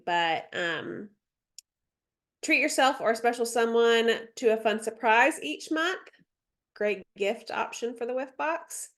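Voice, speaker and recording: A woman's voice: on the high side, a bit bright. A woman with a stuffy nose mentoring a sales team on a video call, chatty, with many ums and asides as she reads through slides. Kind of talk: casual training session, reading slides.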